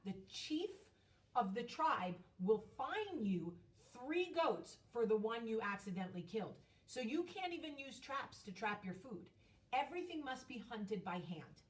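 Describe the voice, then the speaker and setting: A woman hosts a casual vlog, telling her story in a chatty, emphatic way with the odd swear word. Her voice sits at an ordinary middle pitch. She is heard from a little way off the mic, in a room with a noticeable echo. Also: far from the mic. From United States. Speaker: host.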